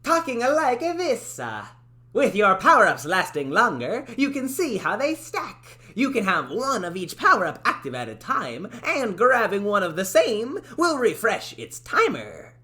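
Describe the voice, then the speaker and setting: A woman's voice: mid-range voice, big pitch swings, normal speed, hardly any pauses, pitched above the performer's own voice, natural voice. Woman voicing a cheery game tutorial guide. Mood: cheery instructive. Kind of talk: recorded game voice-over takes.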